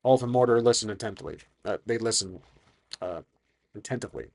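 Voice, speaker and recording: A man's voice: on the low side, fairly quick, vocal fry, darkish tone. A man narrating a solo tabletop game, thinking aloud and hesitant, with frequent restarts.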